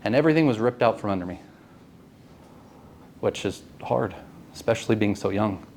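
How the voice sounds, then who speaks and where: A man's voice: on the low side, expressive, normal speed, a little mellow, slight background noise. A man in his late thirties telling a personal story to a networking group, earnest and often asking the audience questions. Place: meeting room.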